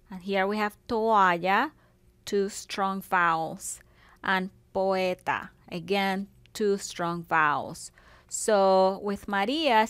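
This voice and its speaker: Woman teacher explaining stuff real slow and patient, dry close sound, keeps going "okay? see?". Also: medium pitch, fairly bright tone, no echo. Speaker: Spanish teacher. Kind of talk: video lesson explaining grammar.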